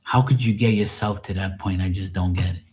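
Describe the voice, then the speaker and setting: A man's voice: low voice, steady tone, brisk, darkish tone. A man on a live stream venting in a rambling, emotional monologue, swearing often and sounding drained and sad.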